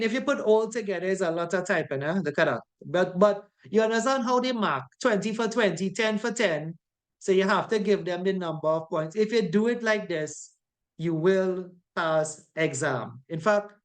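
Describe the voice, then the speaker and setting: Woman, safety course instructor, mid-pitched voice, loose chatty lecture, keeps asking "right?". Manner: chatty, rhetorical questions, frequent "right?" tags. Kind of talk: informal classroom lecture.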